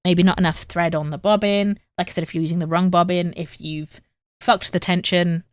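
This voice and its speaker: A woman's voice: fairly low pitch, fairly even intonation, normal speed, clean tone, no room sound. A young woman from England with a northern English accent, chatting casually with viewers on a sewing livestream. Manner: chatty, reads chat aloud and talks to viewers while sewing. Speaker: streamer.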